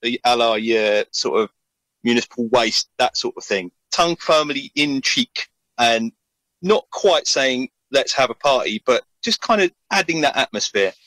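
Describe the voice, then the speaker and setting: A man's voice: mid-range voice, lively intonation, measured pace, fairly bright tone, no room sound, low-quality recording. Dry-voiced man with a South London accent. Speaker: band member. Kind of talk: casual interview chat.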